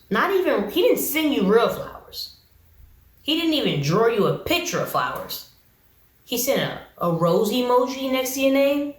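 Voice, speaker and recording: A woman giving a sassy, animated casual review of a reality show. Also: fairly high pitch, moderate pace. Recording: roomy echo.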